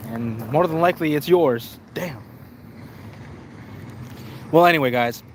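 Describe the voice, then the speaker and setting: A man's voice: fairly high pitch, a little slow, a little hiss or hum. Profane, slangy young streamer guy. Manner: profane, animated and slangy, with stammered restarts. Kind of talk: casual live-stream storytelling.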